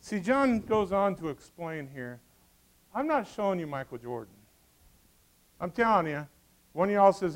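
A man preaching a sermon, shifting from a soft murmured prayer to dramatic, emphatic exclamations. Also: fairly high pitch, expressive, moderate pace, poor audio. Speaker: pastor.

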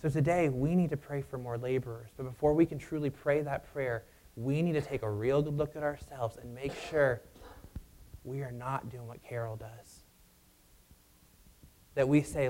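A man preaching a sermon and telling a personal story in a conversational, animated way. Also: mid-range voice, normal speed.

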